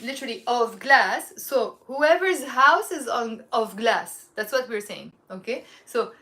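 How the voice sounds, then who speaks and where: A woman with a Lebanese accent giving a casual language lesson, chatty, repeating phrases slowly and checking in with "okay?" often. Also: fairly high pitch, animated, bright, forceful tone. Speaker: Arabic teacher.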